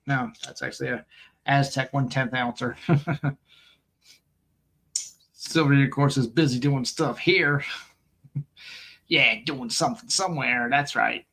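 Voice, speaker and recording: Gravelly, bright-voiced man chatting casually. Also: medium pitch. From United States. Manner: rambling, jokey, laughs often, reads chat aloud. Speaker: host of a live coin stream. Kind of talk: casual live-stream chat.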